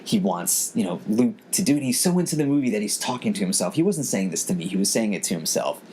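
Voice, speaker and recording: Deep voiced guy on a podcast, emotional and earnest, keeps repeating himself. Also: big pitch swings, fast talker, warm tone, slight background noise. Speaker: podcast host. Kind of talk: casual storytelling chat.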